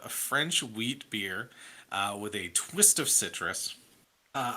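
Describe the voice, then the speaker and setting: A man in his thirties co-hosts a podcast, rambling through casual chat with plenty of fillers and restarts. His voice sits somewhat low, with a very bright tone. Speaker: podcast co-host.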